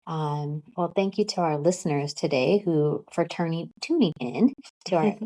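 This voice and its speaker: Brief: calm female podcast host, very low voice, self-described monotone. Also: normal speed, rough recording. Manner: relaxed, with frequent fillers. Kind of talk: casual interview.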